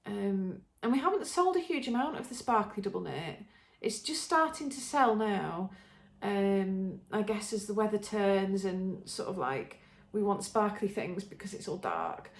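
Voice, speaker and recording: A woman's voice: mid-range voice, big pitch swings, unhurried, few pauses. Chatty English woman in a roomy room. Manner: chatty, enthusiastic, frequent ums and restarts. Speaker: podcast host showing knitting. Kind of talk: casual show-and-tell chat. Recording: roomy echo.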